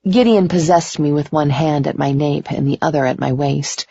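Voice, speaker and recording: A woman narrating a first-person romance audiobook in a slow, intimate way. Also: sits low, creaky, mellow, breathy edge, no echo. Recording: slightly dull lo-fi recording.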